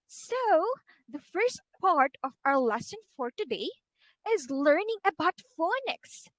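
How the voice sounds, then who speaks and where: A woman teacher with a Filipino English accent, giving a slow, encouraging online phonics lesson to a child and modelling each sound for her. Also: high-pitched, a bit bright, dry recording, low-quality recording.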